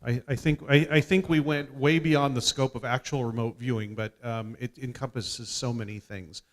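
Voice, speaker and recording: A man speaking on a conference panel, measured and hesitant, with frequent fillers. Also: medium pitch, steady tone.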